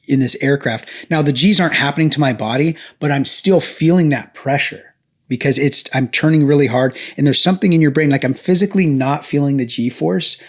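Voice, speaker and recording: An enthusiastic man co-hosting a podcast, chatting casually at a middle pitch. He tells stories eagerly and talks at length. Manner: enthusiastic, talkative, storytelling. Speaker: podcast co-host.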